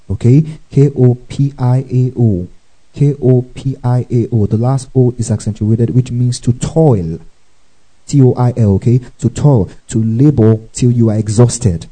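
Heard on a rough recording, this pastor's mellow, mid-pitched voice carries a Bible teaching sermon. He spells out words one letter at a time and keeps checking on his audience with repeated "okay" and "praise the Lord."

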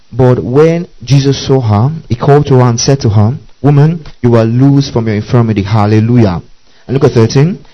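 A man's voice: medium pitch, mellow, dull audio. A man preaching a teaching sermon, repeating key phrases, spelling words letter by letter and often asking listeners if they follow. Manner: frequent checking questions to listeners.

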